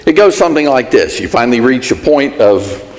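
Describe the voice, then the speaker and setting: Lively man teaching a church class. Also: medium pitch, fairly quick, long reverb tail. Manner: conversational, gives everyday examples and acts out sample apologies. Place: church hall.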